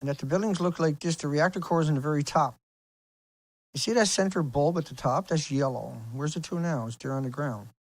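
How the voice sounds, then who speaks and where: Male video host, slightly high gravelly voice, rambling and insistent, dry close mic. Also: brisk, no room sound. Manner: rambling, insistent, rhetorical questions. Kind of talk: casual explainer over screen pictures.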